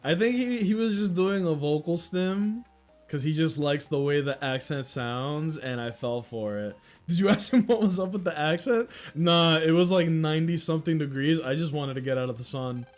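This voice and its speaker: At normal speed and a little high in pitch, a young man chats casually with his livestream audience over soft background music. He's American with a Dominican-influenced accent, and he rambles through stories, laughing frequently.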